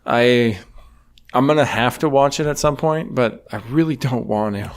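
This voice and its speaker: A man's voice: mid-range voice, normal speed. A man co-hosting a casual political chat podcast, blunt and swearing freely. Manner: blunt, swears, says "dude". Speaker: podcast co-host.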